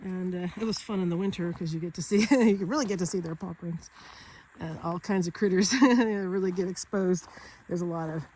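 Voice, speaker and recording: On a walking nature vlog around a rural property, a Northern California woman chats in a fairly low, warm voice at normal speed. She's bubbly and laughs often, with lots of fillers and restarts; the audio is poor, with faint outdoor background noise.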